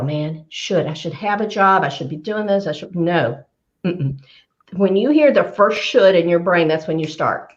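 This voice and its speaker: A woman career coach talks at a middle pitch, emphatic and animated. She drives her points home by repeating key phrases. The audio is dull and lo-fi, like an online call. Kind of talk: giving career advice on a live show.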